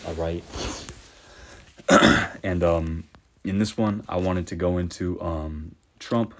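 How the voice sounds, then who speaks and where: Man, very low voice, preaching, slow verse reading, repeats "all right?". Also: fairly even intonation, fairly bright tone, slight background noise. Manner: peppers speech with "all right?"; reads verses slowly and deliberately. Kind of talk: scripture teaching.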